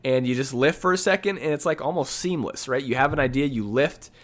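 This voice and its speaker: A music teacher with a mid-range voice talks fairly quickly as he casually breaks down his own recorded piano solo. He scats the rhythms aloud and keeps asking "right?" while faint piano music plays underneath.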